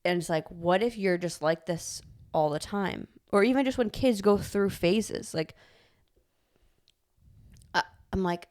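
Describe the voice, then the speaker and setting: A young woman co-hosting a podcast, telling a story in animated casual chat, full of "like" and laughter. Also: lowish voice, measured pace. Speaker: podcast co-host.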